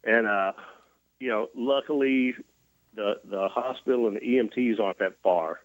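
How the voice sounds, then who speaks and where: A Mississippi man recovering from cardiac arrest tells his near-death story as an interview guest, with folksy, self-deprecating humor. His voice is fairly low and his pace normal, on phone-quality audio with no room sound.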